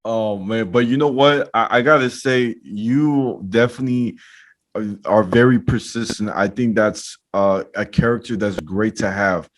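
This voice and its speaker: Podcast host, man, lower voice; encouraging, reflective interviewer. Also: measured pace. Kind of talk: interviewing a guest.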